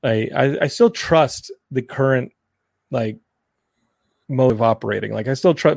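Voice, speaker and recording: A man hosting a casual podcast chat, telling stories with energy and acting out what people said in a higher voice. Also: a little slow, gravelly, pauses often, breathy edge, dry recording, clean studio sound. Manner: animated storytelling, acts out quotes in a higher voice. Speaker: podcast host. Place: Los Angeles.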